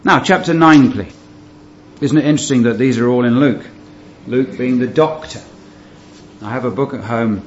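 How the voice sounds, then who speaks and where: A man's voice: medium pitch, normal speed, pauses often, slight background noise. Emphatic man teaching the Bible, dull recording. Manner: emphatic, stretches key words and asks rhetorical questions. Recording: dull lo-fi recording with faint ambience.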